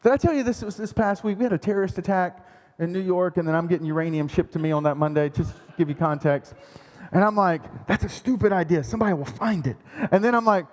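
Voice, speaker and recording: A high-pitched man preaching in a church. He is animated and self-mocking, acting out sounds and panic as he tells a story. His voice rings out with a long echo through a large hall. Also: fast talker. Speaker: pastor. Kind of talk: sermon storytelling.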